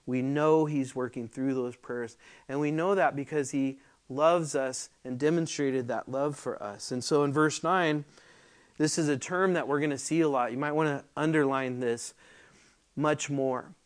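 Slow, deliberate pastor teaching scripture. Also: male voice, medium pitch, fairly even intonation, smooth. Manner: slow and deliberate, rising loudly when reading scripture aloud; conversational asides with fillers. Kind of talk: sermon, verse-by-verse Bible teaching.

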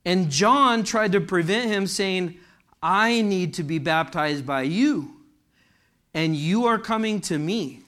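A man's voice: sits high, expressive, slow pace, a bit bright. A man preaching a sermon to a congregation in a church, fervent and asking the room questions. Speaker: pastor.

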